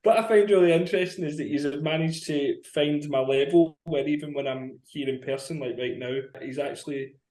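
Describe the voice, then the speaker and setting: A man's voice: a little high, a little fast, hardly any pauses, a little mellow. A man co-hosting a casual podcast, chatty and rambling, laughing often as he talks. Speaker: podcast co-host. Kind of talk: casual banter. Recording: roomy echo.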